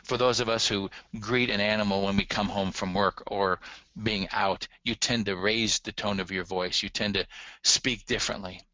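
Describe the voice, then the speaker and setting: A man lectures earnestly, speaking straight to his listeners with firm emphasis. His voice is bright and forceful but sits a little low. The recording is dry and slightly dull. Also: fairly even intonation, moderate pace, no room sound. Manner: earnest, emphatic, addresses audience directly. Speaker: relationship communication instructor.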